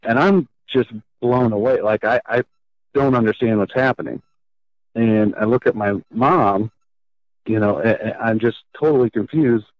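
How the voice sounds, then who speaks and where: A man earnestly telling his own life story as a podcast guest, halting and restarting as he goes. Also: mid-range voice, no room sound. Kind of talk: personal storytelling in an interview. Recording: slightly muffled, dull lo-fi sound.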